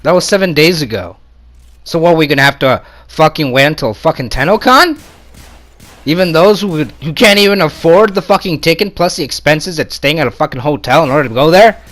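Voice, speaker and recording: A man's voice: fairly high pitch, lively intonation, fairly quick, a bit bright. A man ranting in anger with constant swearing, repeating himself and turning sarcastic as he complains. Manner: heated, swearing, repetitive, sarcastic. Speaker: gamer ranting on video. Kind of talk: angry profane rant. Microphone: console capture mic.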